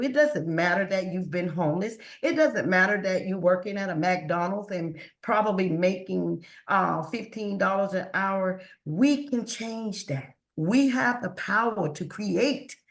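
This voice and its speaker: A woman's voice: mid-range voice, echoey room. A woman guest on a podcast who speaks earnestly about faith and often repeats words when she is moved. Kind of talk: emotional interview talk.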